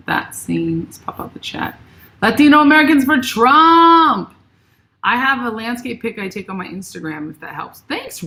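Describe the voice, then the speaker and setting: Gravelly-voiced woman painting on a live stream, chatting away and saying hi to viewers. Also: lowish voice. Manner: chatty, thinks aloud and greets viewers by name. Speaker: livestream host. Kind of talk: casual livestream chat while painting.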